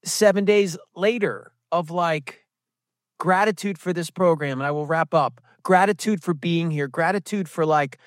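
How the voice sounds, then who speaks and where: A man sharing his recovery testimony at a meeting, telling it as an animated story with self-mocking asides and quick impressions of other people. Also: sits high, no room sound, studio quality. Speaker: recovery program speaker. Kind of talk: personal testimony talk.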